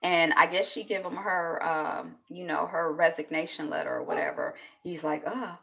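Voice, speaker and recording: Woman vlogger, chatty episode recap, bright and forceful voice, lively storytelling. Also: on the low side, normal speed, gravelly. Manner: animated, chatty storytelling with many fillers. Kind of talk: casual spoken recap.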